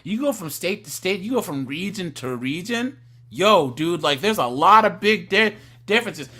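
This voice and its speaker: A man from the US West Coast with a high, bright voice, chatting casually on his livestream. He talks with animated energy and rises to near-shouts when he tells a story. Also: normal speed. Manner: animated, loud when telling stories. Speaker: livestream host.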